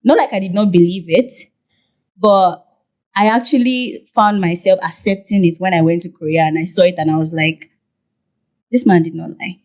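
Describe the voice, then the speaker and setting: A woman's voice: fairly low pitch, normal speed. A woman with a Nigerian accent, a podcast guest talking casually and telling stories animatedly, with many fillers and restarts. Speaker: podcast guest, content creator and Korean interpreter. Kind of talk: casual interview talk.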